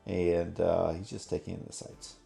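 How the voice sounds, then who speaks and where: Deep, gravelly male player. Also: level tone, moderate pace, mellow, faint music behind. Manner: casual, hesitant. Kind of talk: describing his character in a tabletop game.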